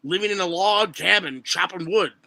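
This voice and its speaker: A young man tells stories in a bright, forceful voice that sits a little above the usual male pitch. He talks in an animated, profane, casual way. The mic is close and dry. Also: moderate pace, vocal fry, no echo. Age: 20s. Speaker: guest musician. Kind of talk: casual podcast chat.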